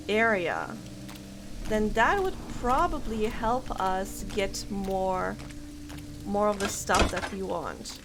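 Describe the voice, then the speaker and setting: A woman streaming a game, chatting casually and thinking aloud with frequent giggles. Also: mid-range voice. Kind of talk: casual gameplay commentary. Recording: clear game music underneath. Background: game music.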